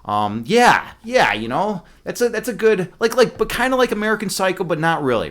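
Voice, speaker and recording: Lively, rambling young man streaming. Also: sits high, a little fast, few pauses. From Midwestern US. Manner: rambling, profane, joking with chat. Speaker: livestream host. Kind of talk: casual livestream chat.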